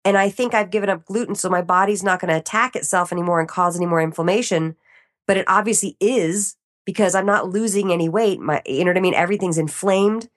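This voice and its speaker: A woman talking as a podcast guest in casual interview chat, animated and often laughing as she acts out her own reactions. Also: on the low side, quick pace.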